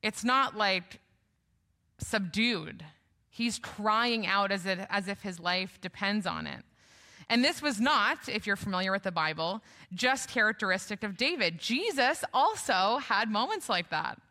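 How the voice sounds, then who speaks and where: A woman's voice: mid-range voice, animated, unhurried, pushed and bright. A woman preaching a sermon in a conversational way, often asking the congregation questions.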